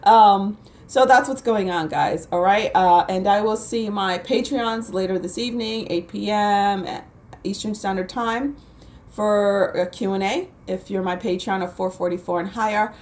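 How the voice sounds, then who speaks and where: A woman hosting her own channel, giving chatty, animated spiritual commentary to camera and laughing often. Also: medium pitch, unhurried. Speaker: channel host. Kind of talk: casual spiritual commentary vlog.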